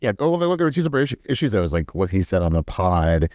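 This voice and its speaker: A man's voice: low voice, big pitch swings, racing, darkish tone, no echo, clean studio sound. A man co-hosting a podcast in casual chat, blunt and opinionated, laughing easily. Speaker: podcast co-host.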